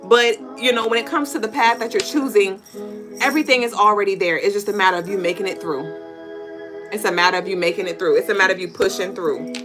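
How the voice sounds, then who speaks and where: A woman hosting a live spiritual reading stream, talking in an animated, profane, laughing way and breaking into chants. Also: medium pitch, fast talker, music in the background. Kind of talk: casual live-stream tarot-style reading.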